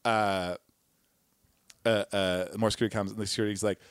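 A man's voice: fairly low pitch, little pitch movement, a little fast, clear, resonant tone, no room sound. A man telling a long story in casual podcast chat, rambling with lots of fillers and restarts. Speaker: podcast co-host.

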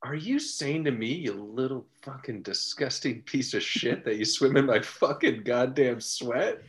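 A man's voice: mid-range voice, unhurried, natural voice. A man playing a crude, aggressive tough guy in improv comedy, profane and bullying. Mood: menacing. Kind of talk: improv comedy role-play.

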